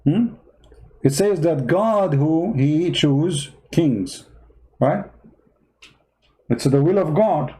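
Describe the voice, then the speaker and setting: A man's voice: fairly high pitch, expressive, drawn-out words, pauses often, mellow, poor audio. A man with non-native English giving online commentary, arguing his point with rhetorical questions. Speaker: Christian commentator.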